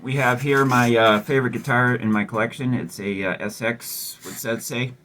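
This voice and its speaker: A man's voice: medium pitch, steady tone, moderate pace, bright, forceful tone. A man hosting a guitar repair video, chatting casually with a rambling, wry, self-mocking manner and lots of fillers. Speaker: host of a guitar repair channel. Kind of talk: casual chat while working on a guitar.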